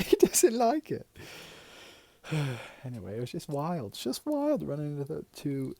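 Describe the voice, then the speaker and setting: A man's voice: on the high side, wildly swooping pitch, brisk, gravelly, dark tone, dry recording, exaggerated voice. A man playing a giggly rambling auntie. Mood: rambling gossip. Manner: rambling, giggly, repeats himself. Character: chatty middle-aged auntie telling pointless stories. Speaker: aunt character in role-play. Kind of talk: ASMR role-play monologue.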